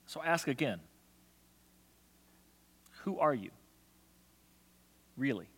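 A man's voice: medium pitch, very animated, takes it slowly, husky. A man preaching a sermon as pastor, impassioned, acting out quoted voices and leading a prayer. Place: church hall. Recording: long hall reverb.

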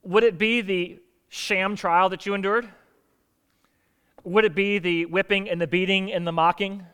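A man preaching a sermon as pastor, animated, asking rhetorical questions and acting out quoted lines. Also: sits high, measured pace, clear, resonant tone.

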